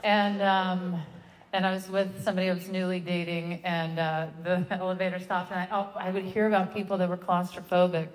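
A woman stand-up comedian telling a story live on a theater stage, in a halting, rambling, self-interrupting way. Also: lowish voice, level tone. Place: theater stage before a laughing audience. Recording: long hall reverb, loud crowd and noise.

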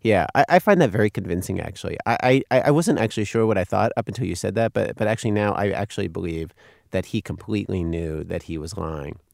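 A man's voice: deep voice, fast talker, gravelly, a little mellow, no room sound, clean studio sound. A man hosting a conversation, retelling parts of a guest's story and reacting to it, thinking aloud. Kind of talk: conversational interview.

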